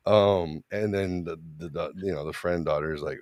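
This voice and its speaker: A man's voice: low voice, moderate pace, a little mellow, dry recording, studio quality. A man co-hosting an online talk show, telling crude stories in a rambling, joking way. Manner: rambling, joking, voices quoted people. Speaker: podcast co-host. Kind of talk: casual chat, crude storytelling.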